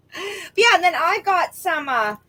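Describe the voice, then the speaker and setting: A woman's voice: extremely high pitch, bright, forceful tone, slight background noise, rough recording. A woman co-hosting a casual livestream from her backyard, chatting and reading viewer comments aloud. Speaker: co-host of a livestream. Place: outdoors in a backyard. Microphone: laptop microphone.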